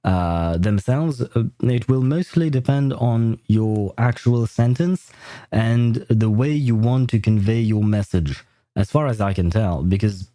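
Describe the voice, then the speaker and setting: A man's voice: fairly low pitch, a little slow, dark tone, no echo. A man whose first language is French, chatting in a rambling way as a game streamer on a livestream and laughing often. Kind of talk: casual livestream chat.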